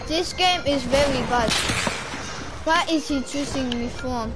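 A woman's voice: high-pitched, unhurried, very noisy. A woman streaming a game live, complaining about the game and her bad luck. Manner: complaining, exasperated. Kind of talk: casual live gameplay commentary. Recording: game music clearly behind.

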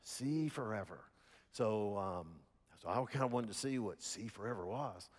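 A man with a Southern American accent from Alabama, preaching a sermon in a folksy storytelling manner with lively voiced quotes. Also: lowish voice, moderate pace, long reverb tail. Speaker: pastor. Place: church sanctuary.

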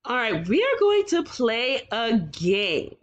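A woman teaching a phonics lesson to young children, sounding out words slowly and praising often. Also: a little high, wildly swooping pitch, muffled recording.

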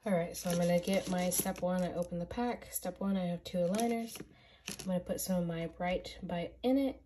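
Woman, slight lisp from aligners, casual unboxing vlog, low-ish voice, chatty, thinking aloud. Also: fairly even intonation, brisk, dark tone, a little hiss or hum. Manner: chatty, thinking aloud while handling items. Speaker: vlogger.

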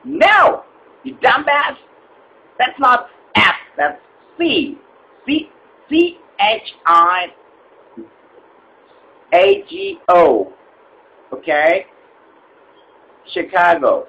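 A man playing a high-pitched, irate customer. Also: very animated, slow, muffled recording, full character voice. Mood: exasperated. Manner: exasperated, blunt, spells letters out loudly. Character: irate male customer, impatient and rude. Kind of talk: comedy sketch.

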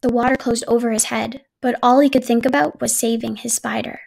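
A woman reading a children's picture book aloud in a gentle, even storytelling manner. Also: on the high side, a little fast, gravelly.

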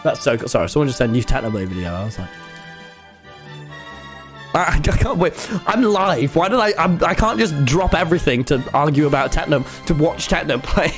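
An excitable young man talks on a livestream, his voice high and bouncing wildly up and down. He is loud and swears freely. Music plays behind him. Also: moderate pace. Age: young adult. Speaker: streamer. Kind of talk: casual livestream chat.

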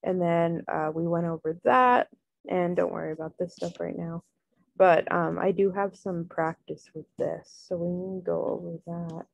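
Low, gravelly woman tutoring over a call. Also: unhurried, no echo. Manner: relaxed, filler-heavy, many "um" and "like". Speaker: Spanish tutor. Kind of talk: casual online lesson.

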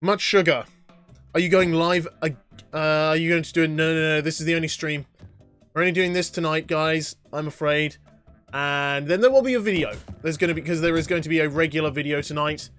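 A man's voice: on the high side, fairly even intonation, fairly quick, a bit bright, soft background music. A young man livestreaming gameplay, reading chat questions aloud and answering them with frequent laughs and sudden outbursts. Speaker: gaming livestreamer. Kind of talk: live gameplay commentary.

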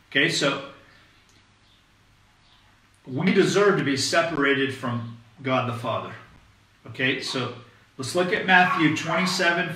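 Bright-voiced man preaching in an echoey hall. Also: a little high. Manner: conversational, emphatic preaching with frequent "okay?" check-ins. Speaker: pastor. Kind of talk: sermon. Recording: echoey room, voice from a distance.

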